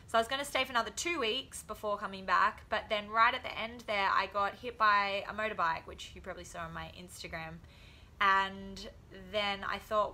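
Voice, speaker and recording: A woman's voice: mid-range voice, fairly quick, pushed and bright. A young woman telling funny stories in a casual vlog, laughing often and acting out quotes. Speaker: vlogger, professional boxer.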